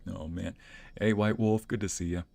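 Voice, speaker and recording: A young adult man streaming, who tells anecdotes in a casual, animated way and laughs often. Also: low voice, moderate pace, vocal fry. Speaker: streamer and narrator. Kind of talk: casual storytelling chat.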